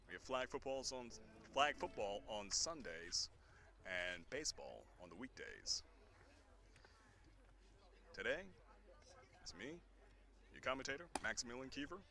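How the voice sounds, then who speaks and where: Quiet, bright-voiced male baseball commentator. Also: medium pitch. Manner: quiet, hushed like golf commentary. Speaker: sports commentator. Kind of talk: soft-spoken live play-by-play commentary. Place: outdoors at a baseball field. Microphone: boom mic.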